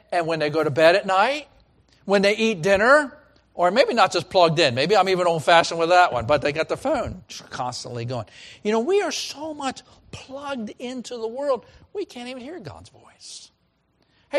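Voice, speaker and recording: A middle-aged man delivers a sermon from the pulpit, his voice sitting a little high. He moves between ringing, raised calls and quiet, hushed lines. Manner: dynamic preaching that swings from loud calls to hushed lines. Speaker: pastor.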